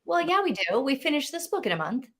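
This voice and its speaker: A woman hosting a book club livestream in casual chat, animated and rambling with lots of fillers. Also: high voice, fast.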